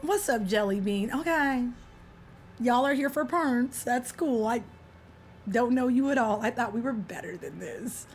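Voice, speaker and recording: Woman game streamer, high-pitched and playful, trash-talking teammates and chatting with viewers. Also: animated, moderate pace, slight background noise. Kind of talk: casual livestream gaming chat.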